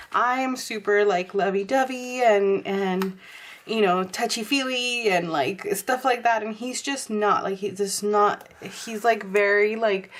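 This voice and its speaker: A young woman from Texas, slightly hoarse, chatting casually to viewers about her planner and filling her talk with likes and ums. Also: fairly high pitch. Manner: chatty, many fillers, addresses viewers as y'all. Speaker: planner vlogger.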